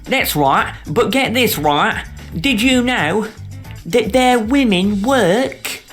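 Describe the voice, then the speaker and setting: A man's voice: sits high, lively intonation, takes it slowly, fairly bright tone, soft background music, voice pushed up, exaggerated voice. A man voicing a scheming, slangy British businessman in a put-on cockney accent. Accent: put-on London cockney. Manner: slangy, conspiratorial, pushy.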